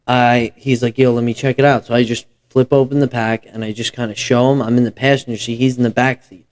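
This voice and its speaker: A man's voice: medium pitch, little pitch movement, fairly quick. A young man in his twenties hosting a podcast, telling profane, rambling anecdotes in casual chat. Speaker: podcast host.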